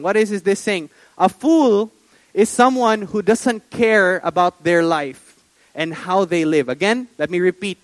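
A man preaching a sermon, animated, checking in with "right?" and slowing down hard for emphasis. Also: high voice, no room sound, low-quality recording. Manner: animated, asks "right?" often, dramatic slow emphasis. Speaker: pastor.

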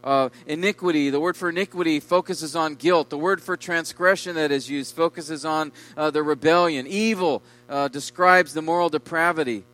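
Bright-voiced guy preaching, kinda high, leans hard on words then goes quiet. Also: moderate pace, hardly any pauses, low-quality recording. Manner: emphatic preaching, swelling loud on key words and dropping low. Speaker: pastor. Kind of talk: sermon.

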